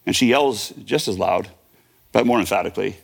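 Tell it fast, low and gravelly, like a man in his fifties reliving a childhood story. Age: 50s. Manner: vivid present-tense retelling with fillers and restarts. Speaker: guest. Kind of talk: personal storytelling.

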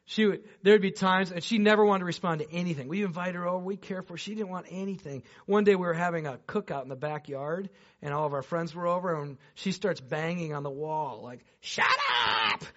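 Male pastor, high voice, animated sermon storyteller, dull lo-fi sound. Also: fairly quick. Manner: animated, swinging between loud excited bursts and hushed low passages; chatty, addresses the congregation directly with asides. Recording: dull lo-fi recording.

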